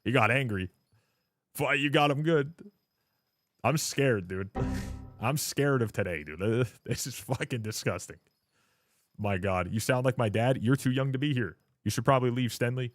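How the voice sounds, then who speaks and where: A man's voice: medium pitch, moderate pace, dry recording, soft background music. A young man streaming live, ranting to his chat in a blunt, profane way and mocking other people in put-on voices. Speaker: livestreamer.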